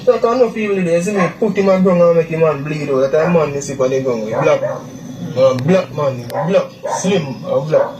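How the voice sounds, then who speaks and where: A young man with a Jamaican Patois accent, giving a halting, repetitive eyewitness account, recorded in a distant, echoey, noisy clip. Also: fairly high pitch, crowd noise. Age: young adult. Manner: halting, repeats himself, acts out quotes. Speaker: witness interviewee.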